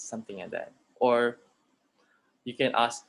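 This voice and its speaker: A man's voice: fairly low pitch, a little slow, gravelly, a bit bright. A young man with a Malaysian English accent, lecturing an online class and switching between English and Malay as he explains with spoken examples. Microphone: computer mic in an online class.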